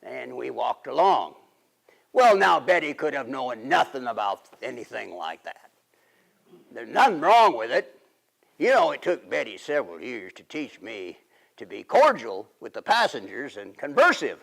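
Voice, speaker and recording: A man's voice: mid-range voice, very animated, normal speed, vocal fry, fairly bright tone, heavily acted. A middle-aged man, playing a folksy, rambling 1880s riverboat man and husband in a period monologue.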